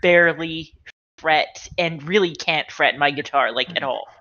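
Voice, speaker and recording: A woman chatting casually on a video call, wry and quick to laugh. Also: low-pitched, pushed and bright. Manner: wry, laughs often, talks about her anxiety. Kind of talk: casual chat between game sessions. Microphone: video call mic. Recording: dull lo-fi call audio.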